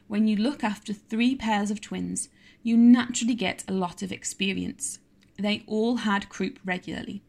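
An imaginative young girl talks eagerly and a little grandly, full of cheerful confidence. The voice stays close to the reader's own natural tone, as a woman narrator plays her. She sounds quick-witted and fond of drama. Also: medium pitch, creaky, a little mellow.

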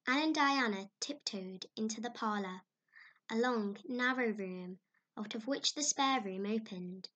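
A woman narrating a classic story in a measured, expressive way. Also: on the high side, highs cut off. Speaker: audiobook narrator. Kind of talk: scripted narration.

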